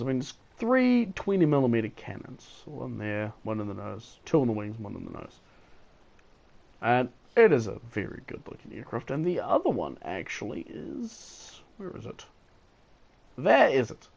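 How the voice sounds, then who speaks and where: A man's voice: mid-range voice, sing-song, moderate pace, gravelly, a little mellow. A man giving casual, rambling gameplay commentary, tired and yawning, with enthusiastic, playful asides. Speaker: gaming video host.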